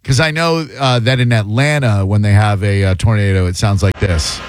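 A man's voice: lowish voice, moderate pace, heavy background noise. A man hosting a radio show, chatting casually and riffing with sarcastic jokes. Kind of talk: casual comedic radio chat.

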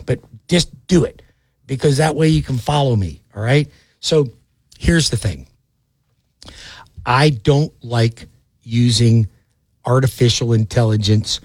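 A man giving a brash, folksy, rapid-fire sales pitch as a loan officer, acting out little phone calls. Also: darkish tone, no room sound. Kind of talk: direct-to-camera sales pitch.

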